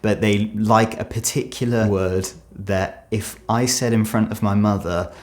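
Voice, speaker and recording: A young British man chatting to camera in an earnest, animated way, now and then acting out little voices, recorded on a studio mic. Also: fairly low pitch, measured pace. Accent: British English. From Britain. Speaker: travel YouTuber. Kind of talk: direct-to-camera vlog. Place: home studio.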